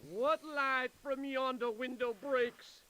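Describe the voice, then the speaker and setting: A man's voice: extremely high pitch, fairly even intonation, takes it slowly, sharp tone, full character voice. An actor playing a lovesick young man pining for his beloved, declaiming dramatically in video game dialogue.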